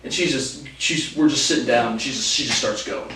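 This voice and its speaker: A man's voice: mid-range voice, brisk, sharp tone, far from the mic. A young man telling college stories in a casual monologue, profane and sardonic, laughing between lines. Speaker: host. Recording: roomy echo, voice off-mic, faint noise.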